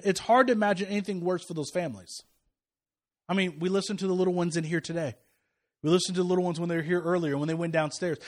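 High-voiced preacher, loud then hushed. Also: male voice. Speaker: pastor. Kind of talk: sermon. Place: church sanctuary.

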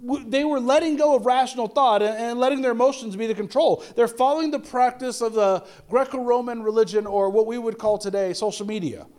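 Middle-aged guy pastor preaching, high voice, lots of "why?" questions and stumbly restarts. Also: brisk, hardly any pauses, a little mellow. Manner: conversational preaching with repeated rhetorical questions and stammered restarts. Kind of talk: sermon.

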